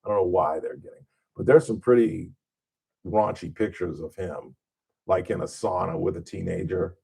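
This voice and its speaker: Husky male radio host, animated. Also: moderate pace. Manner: animated storyteller, voice jumps high on punchlines. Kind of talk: casual radio talk.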